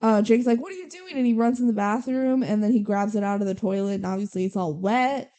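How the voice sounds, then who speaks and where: A young adult woman co-hosting a podcast, retelling a movie plot in animated casual chat with swearing and acted-out quotes. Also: medium pitch, fairly quick. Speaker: podcast co-host.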